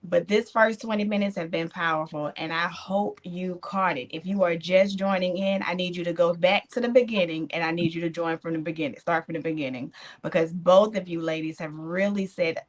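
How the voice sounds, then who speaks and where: A woman hosting a podcast, telling stories in an animated way with churchy affirmations. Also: on the low side, fairly quick, few pauses. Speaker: podcast host. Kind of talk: casual podcast chat.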